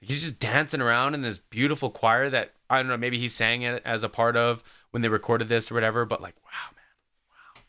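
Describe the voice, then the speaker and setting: Bright, clear-voiced rambling male reactor. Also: medium pitch, flat delivery, a little fast. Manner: rambling, full of "like" and "man". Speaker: music reaction host. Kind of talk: casual reaction commentary.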